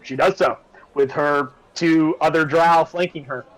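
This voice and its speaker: A man's voice: a little high, fairly even intonation, measured pace, poor audio. A man narrating a tabletop game as game master, casual and rambling with many fillers.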